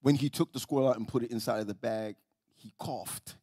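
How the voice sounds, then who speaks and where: A man pastor preaching a sermon in a church, telling stories, often repeating and restarting words, and swinging between soft and loud. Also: mid-range voice, fairly quick, slightly rough, no echo, clean studio sound. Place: church sanctuary.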